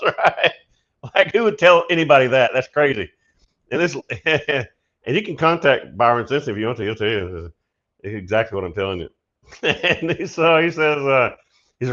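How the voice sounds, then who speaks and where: A man of middle pitch tells a story on his prophetic call-in show. His delivery is casual and animated, with frequent laughter. The sound is slightly dull and lo-fi. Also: brisk. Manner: animated, laughs often, shouts when acting out his story. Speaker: prophetic minister and show host.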